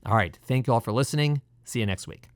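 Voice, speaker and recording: A man's voice: mid-range voice, quick pace, no room sound, clean studio sound. A man hosting a podcast interview over a phone call, upbeat and chatty. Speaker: podcast host, doctor.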